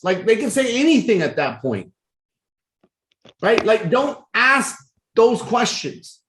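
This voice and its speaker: Animated man coaching sales closing. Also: sits high, measured pace, roomy sound. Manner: animated, acts out sales dialogues. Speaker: sales trainer. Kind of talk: sales training talk.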